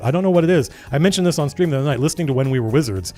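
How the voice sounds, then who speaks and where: Animated man reading zines on a livestream. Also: a little high, rapid-fire, hardly any pauses, faint music behind. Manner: animated, rambling, breaks off to comment. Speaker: livestream host. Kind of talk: casual livestream chat, reading old zines aloud.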